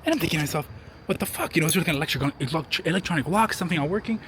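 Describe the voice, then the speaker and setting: A man's voice: on the high side, lively intonation, racing, fairly bright tone, slight background noise. A young man chatting casually to a handheld camera as a travel vlogger, swearing often and rambling through his stories. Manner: profane, rambling storyteller.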